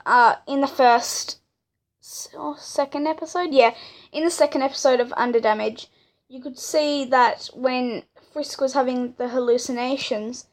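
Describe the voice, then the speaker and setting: A young woman casually retelling a fan story she made, chatty and full of fillers. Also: high voice.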